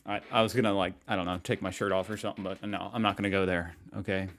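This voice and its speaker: A man from the northeastern United States talks through a reaction video in a loose, joking way. His voice sits slightly low for a man, and he keeps it chatty and unhurried. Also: fairly even intonation, fairly bright tone, slight background noise. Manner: laid-back, joking, chatty. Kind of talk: casual reaction commentary.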